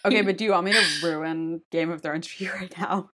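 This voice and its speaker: A woman's voice: lowish voice, fairly even intonation, brisk, over a noisy crowd. A woman co-hosting a podcast, talking bluntly with swearing and many fillers. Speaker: podcast co-host. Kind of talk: casual chat.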